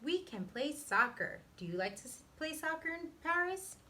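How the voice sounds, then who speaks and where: Storybook schoolgirl, eager and chatty; a woman reads her, bright voice. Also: high-pitched, sing-song, moderate pace, voice pushed up, exaggerated voice.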